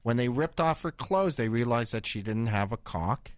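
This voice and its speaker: A man hosting a podcast, spinning a crude, rambling tall tale in a deadpan, profane way. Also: medium pitch, normal speed, no echo. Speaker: podcast host. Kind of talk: crude comedic storytelling.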